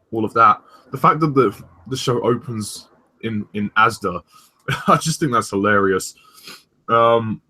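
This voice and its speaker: A young man hosting a casual review chat, rambling with many pauses and restarts. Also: lowish voice, bright, forceful tone. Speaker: host of a review discussion.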